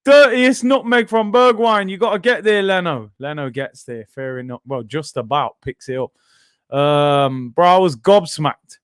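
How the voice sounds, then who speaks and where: A young-sounding man hosts a live football watchalong, talking in quick slang and jumping into shouts when the play turns. His voice sits high for a man. The sound is close and dry, with no room in it. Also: smooth, no echo. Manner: excitable, slangy, bursts into shouts. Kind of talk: live reactive commentary.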